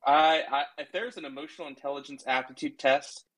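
A man's voice: fairly high pitch, fairly even intonation, brisk, a bit bright. A man in casual argumentative banter on a call, lecturing his co-host in a mock-patient tone. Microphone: remote call mic.

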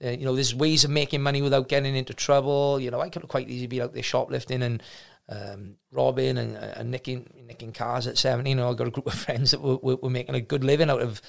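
Middle-aged man, gym-owner guest; rapid, gravelly, frank, full of restarts. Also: mid-range voice, steady tone. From South Wales. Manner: rambling, frank, with many restarts. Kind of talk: casual storytelling interview.

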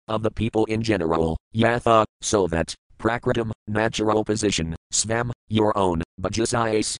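A man reading scripture aloud in a steady, measured recitation of verses and word glosses. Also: fairly low pitch, smooth, no echo, poor audio. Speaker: reader.

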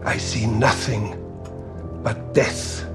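Menacing imperial envoy, cold and measured, over a loud ominous score. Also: male voice, lowish voice, steady tone, loud music behind the voice. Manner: slow, measured, quietly threatening. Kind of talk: television drama scene.

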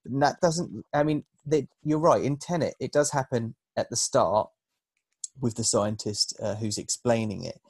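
A man reviewing a film on a podcast, laying out his points in a measured, analytical way. His voice sits at an ordinary middle pitch for a man. The recording is dry and close. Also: breathy edge, no echo. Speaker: podcast host. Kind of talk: casual film review chat.

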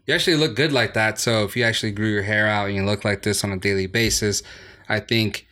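A man hosting a casual gaming podcast, relaxed and chatty with plenty of fillers. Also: on the low side, fast. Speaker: podcast host.

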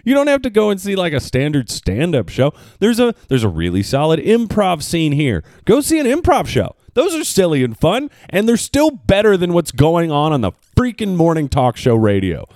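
A man from the hosting a podcast, riffing in a comedic monologue and swooping into high mock voices. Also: a little mellow, no room sound, studio quality. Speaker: podcast host.

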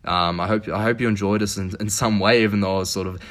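Low-voiced man rambling through a podcast. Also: steady tone, quick pace. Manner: rambling, many fillers and restarts; speaking quietly, keeping voice down. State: sniffly, stuffy nose. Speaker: podcast host and fitness coach. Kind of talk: casual unedited podcast monologue. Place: indoors, crouched position.

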